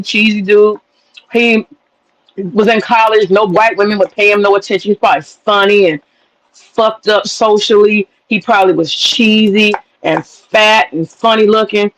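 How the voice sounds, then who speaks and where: A woman's voice: mid-range voice, rough recording. A woman from the American South, hosting a livestream and ranting in a blunt, profane, wisecracking way. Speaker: livestream host. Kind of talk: casual commentary rant.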